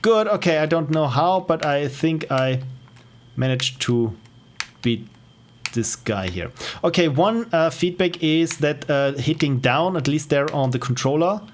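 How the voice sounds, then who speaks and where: A man's voice: on the high side, expressive, unhurried, a little hiss or hum. A man with an Austrian accent streaming indie games, thinking aloud with curious questions as he plays. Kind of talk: live gameplay commentary. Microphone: wearing headphones.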